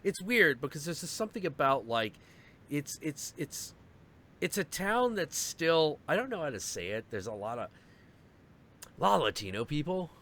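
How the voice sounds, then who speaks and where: A man's voice: a little high, very animated, moderate pace, a bit bright. A young man chatting casually on a stream, telling stories and acting out the people he quotes. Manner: storytelling, acts out quotes in voices. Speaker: stream host. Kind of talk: casual chat.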